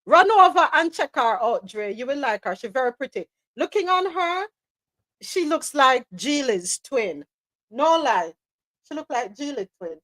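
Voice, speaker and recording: A woman with a Caribbean accent hosting a live talk show, chatting in a lively way, laughing often and slipping into patois. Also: high voice, unhurried, dry recording. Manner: animated, laughing, slips into patois. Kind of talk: casual chat.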